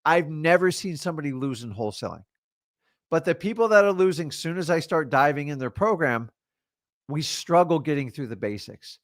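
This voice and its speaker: A man's voice: on the high side, animated, moderate pace, no room sound, clean studio sound. A man coaching on a live stream, blunt and fired up, lecturing his viewers on accountability. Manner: imitates excuses in mocking quoted voices. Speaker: real estate wholesaling coach.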